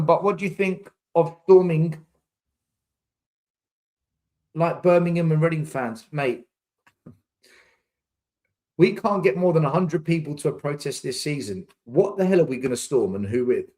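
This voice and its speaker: Exasperated fan ranting, slightly high. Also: male voice, a little mellow. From England. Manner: exasperated ranting, repeats words for emphasis. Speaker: fan channel host reading live chat. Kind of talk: casual live watchalong chat.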